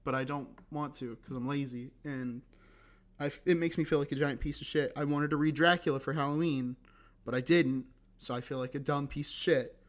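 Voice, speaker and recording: Hoarse young man rambling solo. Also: on the high side, steady tone, fairly quick. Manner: rambling, self-deprecating, full of fillers and restarts. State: hoarse, recovering voice. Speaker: podcast host. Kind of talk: casual solo podcast chat.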